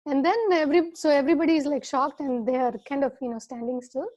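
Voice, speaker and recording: A woman telling a story in a devotional talk, in a lively, conversational way. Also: high-pitched, fast, highs cut off. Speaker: devotional speaker.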